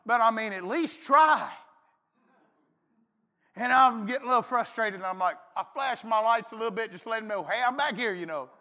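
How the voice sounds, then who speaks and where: A middle-aged man preaching a folksy, animated sermon full of stories, sometimes shouting. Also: high voice, moderate pace. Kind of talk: sermon with storytelling. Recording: long hall reverb.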